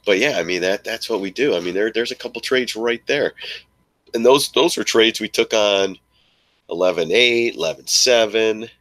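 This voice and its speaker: Deep-voiced guy chatting on a trading live stream, bright forceful tone, stumbles and repeats himself a lot. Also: normal speed, no echo. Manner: rambling, repeats words, fillers and restarts; mocks frustrated traders in a shrill yelling voice. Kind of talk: casual live-stream chat.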